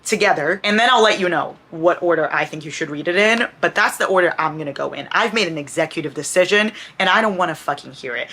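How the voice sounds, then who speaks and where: A young woman with a lilt chats excitedly about books at home at night. Her voice sits a little low for a woman. She gushes, swears freely and talks like she is catching up with a friend. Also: fast, few pauses, slightly rough. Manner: animated, gushing, swears freely. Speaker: book vlogger. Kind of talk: casual book vlog chat.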